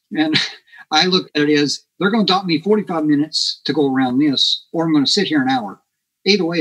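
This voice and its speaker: A man's voice: medium pitch, breathy edge, low-quality recording. A man guest on a podcast, telling a story casually and acting out the dialogue with lots of energy. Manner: animated, acts out quoted dialogue.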